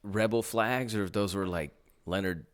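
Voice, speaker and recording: Low-voiced podcast guy, slight southern drawl, swears a lot, rambles, dry close sound. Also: moderate pace, dry recording. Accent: slight Southern American drawl. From Southern California. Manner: rambling and profane, full of filler phrases. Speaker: podcast host. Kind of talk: casual chat.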